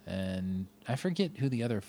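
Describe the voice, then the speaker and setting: A man's voice: fairly low pitch, sing-song, moderate pace, dark tone. A young man hosting a podcast, chatting casually and enthusiastically with frequent rambling asides. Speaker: podcast host. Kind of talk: casual chat.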